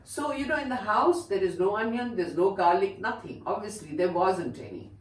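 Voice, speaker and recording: Gentle Indian woman telling a story. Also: mid-range voice, animated, normal speed, reverberant, far from the mic, low-quality recording. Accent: Indian English. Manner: gentle, chatty, frequent "you know". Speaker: spiritual teacher telling her own story. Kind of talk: casual storytelling to viewers.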